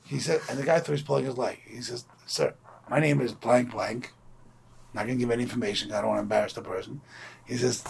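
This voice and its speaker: Gravelly-voiced man telling stories in a lecture. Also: medium pitch, fast talker, slight background noise. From Brooklyn, New York. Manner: conversational, storytelling with animated quoted voices. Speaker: Torah class teacher. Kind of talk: informal Torah lecture with storytelling.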